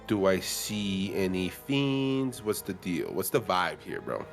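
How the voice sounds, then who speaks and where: A man's voice: sits low, sing-song, slow, vocal fry, soft background music. A man playing a tabletop game in a laid-back, slangy way. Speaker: player. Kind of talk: casual tabletop play.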